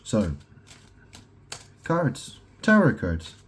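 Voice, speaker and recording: A man's voice: mid-range voice, huge pitch swings, very slow, slight background noise. A man recording a rambling monologue at home, meandering through wordplay and asking "right?" often. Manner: meandering, wordplay-heavy, with many "right?" asides. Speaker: solo vlogger. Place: at home in his house.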